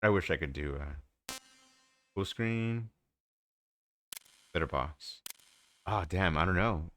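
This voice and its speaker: A man's voice: sits low, animated, slow, a bit bright. A man casually commenting on a game during a live stream, with offhand joking asides. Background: game music.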